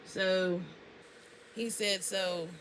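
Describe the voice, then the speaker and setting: A woman's voice: mid-range voice, steady tone, very slow, a bit bright, a little hiss or hum, rough recording. A woman tells a story to camera in a casual, indignant way, and her voice jumps up sharply on exclamations. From Alabama, US. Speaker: vlogger.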